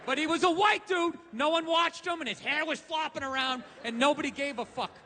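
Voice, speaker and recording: A middle-aged man rants through a stand-up set in a high, sharp voice, firing off profanities at speed. His handheld mic carries the long echo of a theater. Faint audience noise sits under him. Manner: ranting, profane, rapid-fire. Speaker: stand-up comedian. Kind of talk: stand-up comedy rant. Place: live comedy stage in a theater.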